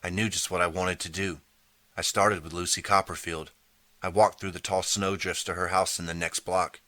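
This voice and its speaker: A man narrating a children's audiobook in the first person, steady storytelling. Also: low voice, normal speed, dry recording.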